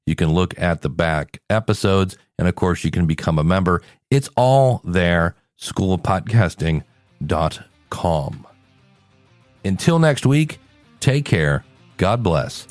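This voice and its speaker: A man's voice: low voice, lively intonation, takes it slowly, no echo, faint music behind. A male podcast host talking casually on his show, tired and sick with a cold, rambling and joking at himself. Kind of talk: casual solo podcast talk.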